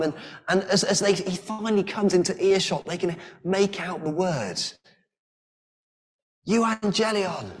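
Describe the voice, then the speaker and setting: A man preaching a sermon in an earnest way, often restarting with repeated words. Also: on the high side.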